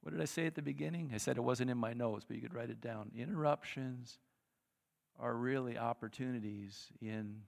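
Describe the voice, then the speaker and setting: A male pastor preaching a sermon in a conversational, animated way, acting out the people in the story. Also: mid-range voice, fairly quick, gravelly, in a large hall. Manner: animated, conversational, acts out quotes.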